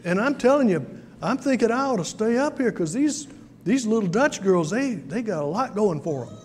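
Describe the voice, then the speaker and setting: A man's voice: high-pitched, sing-song, moderate pace, long reverb tail, slight background noise. Man doing a brash Southern bachelor. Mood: boasting. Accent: Southern American.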